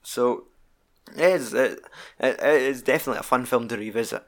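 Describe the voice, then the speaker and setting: A man in loose, sweary conversation about a film, rambling and enthusiastic. His voice sits at an ordinary middle pitch. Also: brisk, fairly bright tone. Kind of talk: casual film chat.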